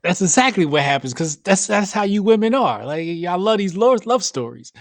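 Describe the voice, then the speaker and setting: A man hosting a podcast in casual chat, speaking with blunt, animated, slangy banter. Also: sits high, moderate pace, no echo. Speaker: podcast host.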